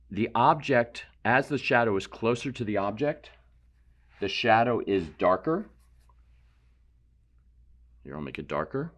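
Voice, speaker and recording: Painting instructor, man, deep voice, relaxed explanatory studio demo. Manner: relaxed, explanatory, thinks aloud while painting, self-deprecating asides. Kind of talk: painting demonstration.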